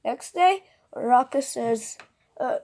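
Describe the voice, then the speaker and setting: A young woman improvising a fan-fiction story out loud, rambling with lots of fillers and self-corrections. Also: sits high, lively intonation, unhurried.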